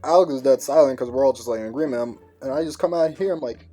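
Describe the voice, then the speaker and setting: A man's voice: mid-range voice, fast, faint music behind. A young man narrating a storytime animation in a casual, slangy way, playfully acting out what others said. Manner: relaxed slangy delivery, playful quoting.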